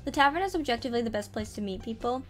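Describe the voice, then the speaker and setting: A woman's voice: fairly high pitch, lively intonation, racing, fairly bright tone, soft background music. Playful rambling woman streamer. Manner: playful, rambling, giggly asides. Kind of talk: casual live gameplay chat.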